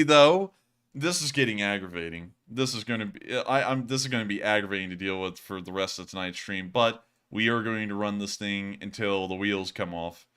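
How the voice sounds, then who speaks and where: A young man hosting a casual livestream and reading donations, animated and quick to laugh. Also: fairly low pitch, clean tone. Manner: animated, laughs often, swings loud and quiet.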